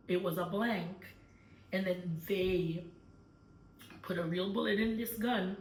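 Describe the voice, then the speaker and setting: Chatty low-voiced woman in an echoey room. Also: slight background noise. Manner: chatty storytelling with many fillers. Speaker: book club host. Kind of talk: casual book discussion. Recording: echoey room, far from mic.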